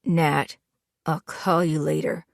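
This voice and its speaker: A woman voicing a young man who is a cold and angry fiancé, speaking curtly in a low voice in an audiobook. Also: steady tone, takes it slowly, gravelly, no echo, studio quality, full character voice. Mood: cold, bitter. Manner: curt, bitter, low-voiced. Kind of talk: audiobook character voice.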